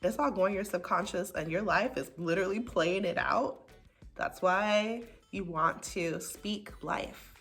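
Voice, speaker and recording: A young American spiritual vlogger tells her viewers personal stories in a chatty, earnest way, leaning heavily on "like" as a filler. Her voice is on the low side, and soft music plays in the background of this casual, heartfelt storytelling.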